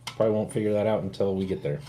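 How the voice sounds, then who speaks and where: A man co-hosting a casual livestream chat, joking around and jumping into loud, animated bursts. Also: fairly low pitch, very fast, a little hiss or hum. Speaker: co-host of a livestream.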